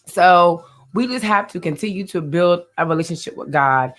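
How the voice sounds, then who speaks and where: A woman's voice: fairly low pitch, moderate pace. A woman hosting a faith-based talk show, talking earnestly and directly to her viewers and often repeating her phrases.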